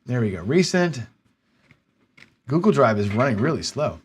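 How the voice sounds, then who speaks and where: A man's voice: mid-range voice, big pitch swings, normal speed, slight background noise. A man hosting a live stream, talking casually and muttering to himself in frustration as he searches his computer. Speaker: livestream host.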